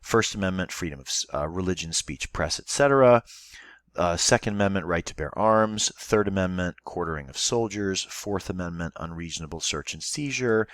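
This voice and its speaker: A man's voice: sits low, animated, moderate pace, a bit bright, no room sound, clean studio sound. A male teacher giving a recorded online class lesson, explaining step by step and thinking aloud as he goes.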